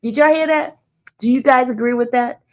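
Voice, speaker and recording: A woman's voice: high-pitched, normal speed, a little mellow, lo-fi sound. A woman hosting a casual live stream, chatting straight to her viewers and reading their comments aloud. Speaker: livestream host.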